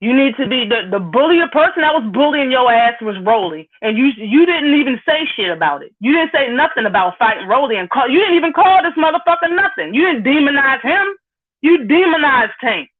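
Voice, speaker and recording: A woman's voice: high-pitched, big pitch swings, fairly quick. A woman hosting a live stream, ranting bluntly and profanely while greeting viewers in the chat. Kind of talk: heated live-stream rant. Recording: phone-like lo-fi audio.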